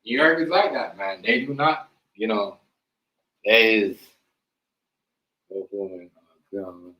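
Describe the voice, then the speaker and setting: A man's voice: lowish voice, lively intonation, slow pace, echoey room, muffled recording. A man hosting a casual reaction stream, rambling with many fillers and repeated words. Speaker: stream host.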